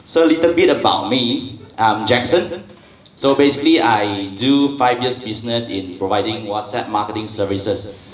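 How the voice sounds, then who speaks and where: A man's voice: lowish voice, moderate pace. A man giving a seminar talk as a guest speaker, chatty and joking with the audience. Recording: echoey hall, distant mic, faint noise.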